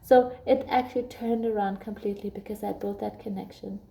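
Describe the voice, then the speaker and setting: Gravelly, dark-voiced woman sharing parenting advice. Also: medium pitch, steady tone, brisk. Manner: earnest and gentle. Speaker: parenting vlogger. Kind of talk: reflective personal talk.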